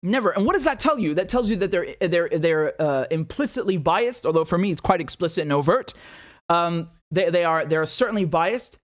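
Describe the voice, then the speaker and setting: High-voiced man ranting on a livestream. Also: a little fast. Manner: animated, exasperated ranting with sarcastic asides. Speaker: host of political commentary show. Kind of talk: livestreamed political commentary.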